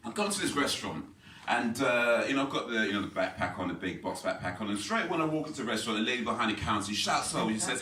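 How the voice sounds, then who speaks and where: Lively comedian on a stage. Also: male voice, medium pitch, fast talker. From England. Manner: lively, self-mocking, laughing at his own jokes. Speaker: stand-up comedian. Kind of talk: stand-up comedy set. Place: comedy club stage, roomy venue. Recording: echoey club audio from far off.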